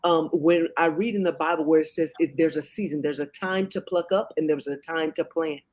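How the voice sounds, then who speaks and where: A man with a fairly high voice co-hosting a faith talk show. He works through Bible lessons point by point, stumbling and restarting as he goes. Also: steady tone, a little fast, a little mellow. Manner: counts off points, many restarts and fillers. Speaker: co-host.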